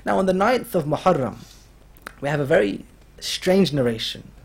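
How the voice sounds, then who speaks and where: Male preacher, high tenor, dramatic storytelling sermon. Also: animated, normal speed, gravelly, breathy edge. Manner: storytelling, quoting figures with rising emotional intensity. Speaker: religious speaker. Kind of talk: mourning sermon narration. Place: lecture hall.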